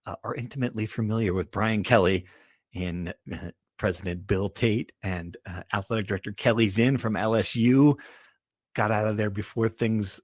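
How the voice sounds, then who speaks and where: A man co-hosting a casual sports podcast, joking and quick to chime in. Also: on the low side, no echo, clean studio sound. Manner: animated, joking, quick interjections. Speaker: podcast co-host.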